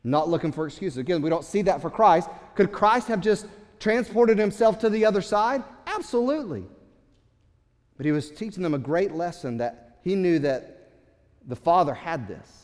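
A man preaching a sermon as pastor, swinging between loud, urgent passages and hushed, quiet ones. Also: high-pitched, expressive, normal speed, big-room sound.

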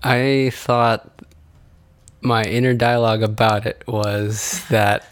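A man guesting on a podcast in casual chat, hesitant and soft-spoken with many fillers. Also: mid-range voice, fairly even intonation, slow pace.

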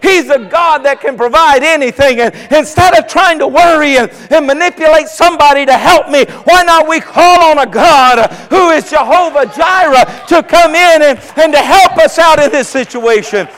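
A man preaches with a strikingly high voice, fervent and pressing, at times breaking into shouts. His words ring out with a long reverb, as if in a big hall. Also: normal speed, hardly any pauses. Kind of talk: sermon on prayer.

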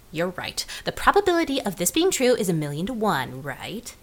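A woman's voice: lowish voice, wildly swooping pitch, moderate pace, full character voice. A young woman in a comedy sketch, playing her own effusive, melodramatic emotional side. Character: young woman's gushing, dramatic emotional self.

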